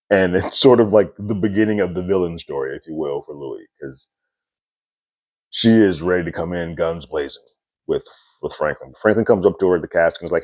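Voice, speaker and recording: Low-voiced man recapping an episode. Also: darkish tone, no echo. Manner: loose and conversational, frequent fillers and little laughs. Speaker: TV episode reviewer. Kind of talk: casual recap and review.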